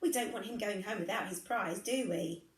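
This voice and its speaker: A woman voicing a brisk, friendly male official directing people, within a read-aloud story. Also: medium pitch, echoey room, lightly acted.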